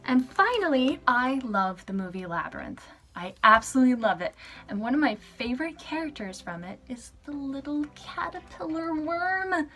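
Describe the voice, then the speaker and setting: A woman's voice: high voice, animated, normal speed, fairly bright tone. Bubbly young woman gushing over favorites. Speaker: vlogger. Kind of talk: casual favorites vlog.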